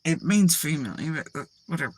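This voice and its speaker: A woman's voice: low voice, expressive, fast, darkish tone, breathy edge, dry recording. A woman host giving rambling, profane reaction commentary in a casual chat style. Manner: rambling, profane, drawling asides.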